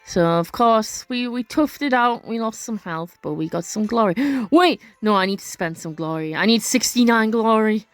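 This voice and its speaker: A woman doing casual let's play commentary, reading game text aloud with expressive, gasping reactions and chatty asides. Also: on the high side, moderate pace, few pauses, soft background music.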